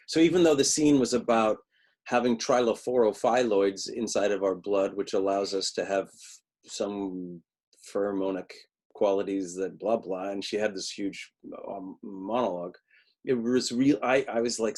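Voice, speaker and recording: A man speaks in a low, husky voice, teaching acting over a video call. He talks loosely and conversationally, restarts his sentences, and briefly acts out the lines he quotes. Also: a little mellow. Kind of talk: webinar teaching talk.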